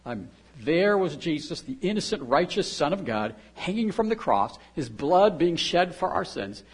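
A man preaching a sermon, moving between quiet, close talk and loud, emphatic repetition. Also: a little high, very animated, normal speed, slightly rough. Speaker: pastor.

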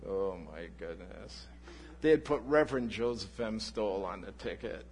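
A male pastor preaching a sermon, telling a personal story in an animated way and acting out the people in it. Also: fairly low pitch, normal speed, slight background noise. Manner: animated anecdote, voices the people in his story.

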